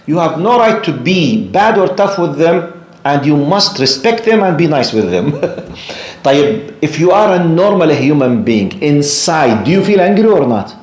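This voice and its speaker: A man telling stories to a live class in a fairly high voice that swings up and down a lot. He keeps asking his listeners questions. The room around him rings with echo. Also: a little slow. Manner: animated storyteller, asks the audience questions. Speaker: Islamic lecturer. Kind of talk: storytelling lecture to a live class. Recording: echoey room.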